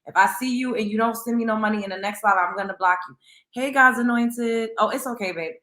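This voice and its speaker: A woman chats with her livestream viewers. Her voice is bright and lively. The room around her has a noticeable echo. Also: fairly high pitch, brisk. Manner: chatty, greets viewers by name. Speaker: livestream host. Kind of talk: casual livestream chat.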